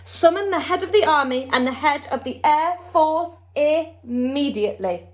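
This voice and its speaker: A woman reading the part of a brisk, commanding queen, speaking in a regal, clipped way. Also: high-pitched, lively intonation, voice pushed up.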